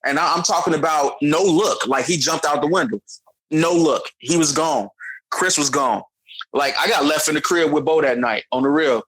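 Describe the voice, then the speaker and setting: A man's voice: on the high side, normal speed, fairly bright tone, low-quality recording. A man from Chicago co-hosting a podcast, telling rambling, profane stories in casual chat. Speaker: podcast co-host.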